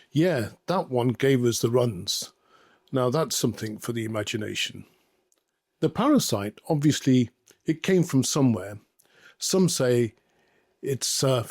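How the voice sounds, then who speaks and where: A man hosting a satirical commentary show, delivering mock news in a sarcastic, deadpan way with frequent hesitations. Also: mid-range voice, dry recording, studio quality. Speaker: host.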